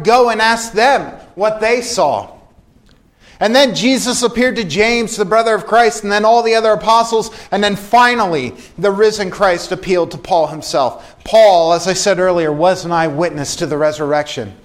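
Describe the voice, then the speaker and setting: A man preaching a sermon as pastor in a church sanctuary, earnest and emphatic, repeating key phrases. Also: high voice.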